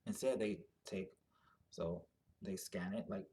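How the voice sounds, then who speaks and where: A man's voice: deep voice, steady tone, unhurried, dark tone, a little hiss or hum. A man giving a casual explanatory monologue, rambling and thinking aloud with many fillers and restarts. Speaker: commentator on genetic ancestry.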